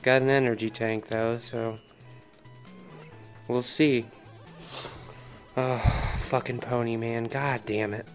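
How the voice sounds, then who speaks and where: A man's voice: medium pitch, level tone, takes it slowly, long pauses, soft background music. A man commenting on his own video game play, swearing heavily and ranting in frustration. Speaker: gaming commentator. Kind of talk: angry let's-play commentary.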